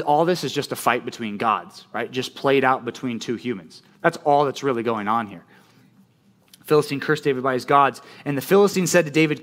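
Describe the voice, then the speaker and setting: A man preaching a sermon as pastor, animated and conversational, often checking in with "right?". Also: mid-range voice.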